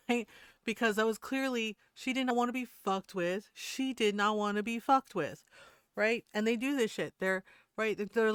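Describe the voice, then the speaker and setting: Clear-voiced woman swearing through a story. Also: medium pitch, no echo, clean studio sound. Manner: profane, animated storytelling with frequent laughs. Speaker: streamer. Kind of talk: casual chat.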